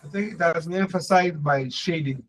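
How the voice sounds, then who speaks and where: A man's voice: a little high, moderate pace, fairly bright tone, no echo. A man, a student, speaking politely and deferentially to his lecturer.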